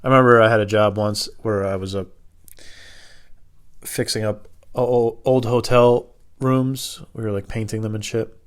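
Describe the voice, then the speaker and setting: A man's voice: on the low side, steady tone, normal speed, clean tone. A young man hosting his own podcast, telling rambling, self-deprecating work stories in casual chat full of fillers and swearing. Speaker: podcast host. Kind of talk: rambling solo podcast storytelling.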